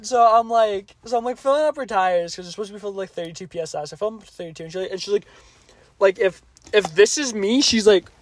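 A man's voice: high voice, quick pace. A man co-hosting a podcast, telling a long work story in casual, profane, rambling chat. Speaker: podcast co-host.

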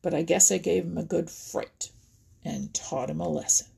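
A woman's voice: low voice, moderate pace, creaky, dark tone, slightly rough, full character voice. A woman voicing a big, angry, growling male bear in a storybook reading, blustering and threatening. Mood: gruff.

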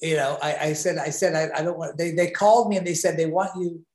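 A man being interviewed, telling an animated anecdote with frequent restarts and repeated words. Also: on the high side, fast talker. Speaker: interview guest. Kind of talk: conversational storytelling. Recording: roomy echo.

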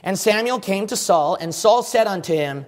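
A man's voice: sits high, lively intonation, normal speed, in a large hall. A man preaching a fervent sermon as pastor, firing rhetorical questions at his congregation.

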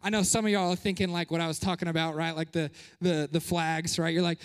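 A young man preaching a sermon as pastor, lively and joking, slipping into playful voices and short of breath. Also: on the high side, fast talker, hardly any pauses, clean tone, long reverb tail. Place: church sanctuary.

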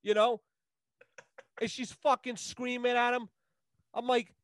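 A man guesting on a podcast, ranting loudly and swearing heavily in casual chat. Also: extremely high pitch, little pitch movement, unhurried, dry recording. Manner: loud, swearing, heated. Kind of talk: casual profane rant.

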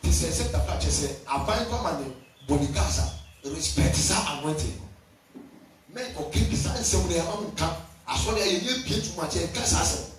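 A man's voice: a little high, lively intonation, normal speed. A man preaching a sermon as pastor, calling out to his congregation and switching between languages. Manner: preaching loudly with shifts between languages and call-and-response. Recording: distant mic in a very echoey hall with faint music.

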